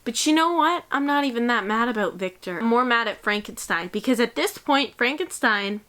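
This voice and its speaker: A woman's voice: on the high side, lively intonation, moderate pace, sharp tone. Profane young woman ranting. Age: 20s. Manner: profane, fired-up, sarcastic. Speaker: vlogger. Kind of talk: casual video diary rant.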